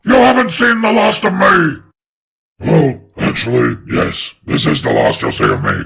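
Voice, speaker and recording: A man voicing a boastful, theatrical villain boss in a video game, with a gravelly, raspy voice. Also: fairly high pitch, huge pitch swings, measured pace, a bit bright, exaggerated voice. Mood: menacing. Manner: pompous, theatrical.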